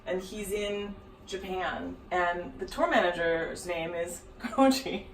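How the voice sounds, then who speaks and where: A woman's voice: on the low side, slow pace, recorded from a distance. A woman singer-songwriter chatting as a guest, chatty with wry asides. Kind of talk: casual chat. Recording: echoey room, voice a bit off-mic.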